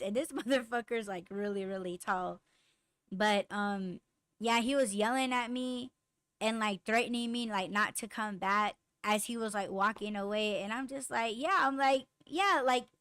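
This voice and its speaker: A young woman rants through a story about a clash at work, swearing freely and acting out both sides of the argument. Her voice sits a little high, and the recording is close and dry with no room sound. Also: no echo. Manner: profane, animated, lots of fillers and quoted dialogue. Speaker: podcast host. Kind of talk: casual storytelling rant.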